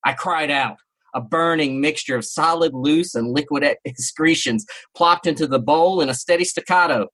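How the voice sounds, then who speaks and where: A podcast host reads a lurid story aloud, theatrical and mock-serious. His voice is husky and sits a little higher than most men's. He leans into each line with relish. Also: normal speed, a bit bright. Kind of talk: dramatic first-person story reading.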